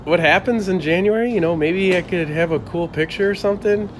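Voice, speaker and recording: A young man from the Buffalo area telling a story to camera in a casual, animated way. He laughs often and acts out the lines of others. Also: high voice, brisk, background noise. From Buffalo, New York area. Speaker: channel host telling a story.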